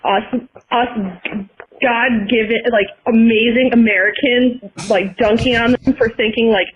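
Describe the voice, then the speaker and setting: A woman's voice: fairly high pitch, steady tone, a little slow, highs cut off, a little hiss or hum. A woman ranting sarcastically and profanely for comic effect. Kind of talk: comedic rant.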